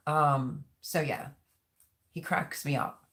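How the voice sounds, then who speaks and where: A woman's voice: low-pitched, fairly even intonation, a little slow, fairly bright tone. Chatty middle-aged woman live-streaming. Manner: chatty and rambling, reads viewer comments aloud. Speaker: livestream host. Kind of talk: casual live-stream chat.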